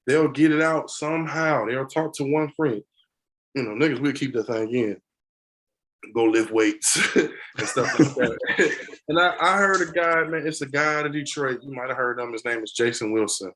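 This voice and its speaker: Man, podcast guest, casual chat, animated storyteller, laughs a lot, middle pitch. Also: normal speed, poor audio. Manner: animated storyteller who laughs often and acts out quotes.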